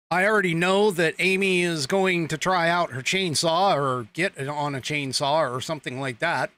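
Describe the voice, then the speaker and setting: Male livestream host, casual chat to viewers, bright voice pitched a little high, rambling delivery with many ums. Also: moderate pace, few pauses. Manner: rambling, chatty, many fillers, chuckles to himself. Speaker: host of a political livestream show.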